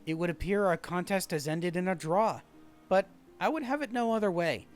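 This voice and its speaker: A man's voice: high voice, animated, moderate pace, faint music behind. A man reading the lines of an earnest young woman geiko in a video game, formal and heartfelt.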